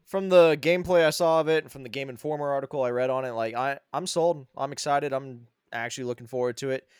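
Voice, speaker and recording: A man co-hosting a casual podcast, retelling a story with lots of cursing and quick impressions of the people in it. His voice sits in the middle range and sounds dry and close to the mic. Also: mid-range voice, clear, resonant tone, no room sound. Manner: swearing, animated retelling with quoted voices. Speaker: podcast co-host.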